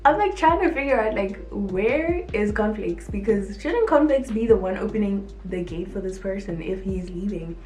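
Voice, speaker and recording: A woman vlogger telling a dramatic story to camera, acting out what people said, with lots of "like". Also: medium pitch. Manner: animated, acts out quotes, frequent "like". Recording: echoey room, faint music behind.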